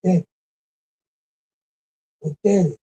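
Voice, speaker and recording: Slow and warm in tone, a man rants in a scolding, repetitive monologue, hitting his stresses hard. The commentary comes through on a dull, lo-fi recording.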